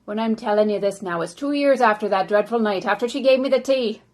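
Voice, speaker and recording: A woman's voice: fairly high pitch, fairly quick, natural voice. A woman playing a dead man telling his story. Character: dead older man narrating his life, ghostly storyteller. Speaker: volunteer actor. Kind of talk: first-person historical monologue.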